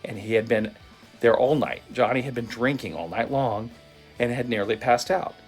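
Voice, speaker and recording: A man telling a motivational story in a vivid, animated storytelling manner. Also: medium pitch, normal speed. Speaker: motivational speaker. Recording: faint guitar music behind. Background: soft guitar music.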